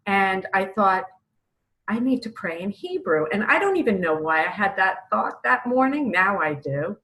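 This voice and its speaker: A woman's voice: mid-range voice, animated, moderate pace, fairly bright tone, poor audio. A middle-aged woman from New York, earnestly telling a personal faith story as an author and acting out her own pleas. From Brooklyn, New York. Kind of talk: personal testimony.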